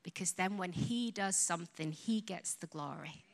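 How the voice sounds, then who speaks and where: A woman's voice: lowish voice, normal speed, gravelly. A woman with a Yorkshire accent preaching a sermon, telling stories and acting out her own prayers with passion. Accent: Yorkshire English. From Yorkshire, England. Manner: impassioned, storytelling, acts out prayers to God. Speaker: ministry founder and preacher.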